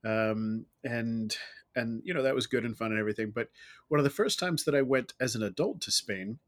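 A man's voice: medium pitch, brisk. A man co-hosting a casual talk show, speaking reflectively in a rambling way, with restarts and asides. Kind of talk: casual conversational chat.

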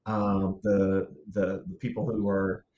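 A man's voice: deep voice, little pitch movement, slow pace, a little mellow, muffled recording. A man in casual conversation, rambling and restarting, laughing often. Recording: roomy and distant from mic.

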